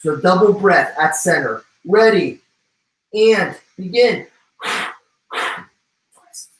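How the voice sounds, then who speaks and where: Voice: mid-range voice, expressive, takes it slowly, recorded from a distance. A personal trainer, out of breath, coaching a livestream workout, calling out intervals and form cues with some joking. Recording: roomy, away from the mic.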